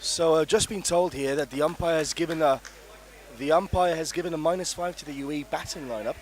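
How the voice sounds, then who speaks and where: A man's voice: on the high side, fairly quick. Hesitant co-commentator man. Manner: questioning, hesitant with fillers. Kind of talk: live sports commentary.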